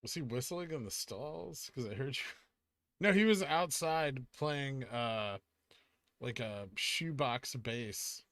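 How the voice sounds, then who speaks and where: A man hosts a relaxed livestream, reading out and answering viewer questions in an offhand, easygoing way. His voice is bright and forward, recorded dry and close with no room around it. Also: mid-range voice, slow pace, no room sound. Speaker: livestream host reading chat. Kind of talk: casual livestream chat.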